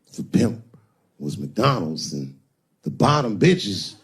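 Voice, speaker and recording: A man's voice: lowish voice, big pitch swings, unhurried, husky. A male stand-up comedian telling a crude, punchy story on stage.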